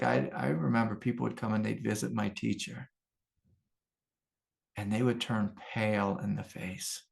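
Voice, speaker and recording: A man's voice: fairly low pitch, creaky. A middle-aged American man, a meditation teacher, giving an informal, rambling spiritual talk full of anecdotes and fillers. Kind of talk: casual spoken satsang talk.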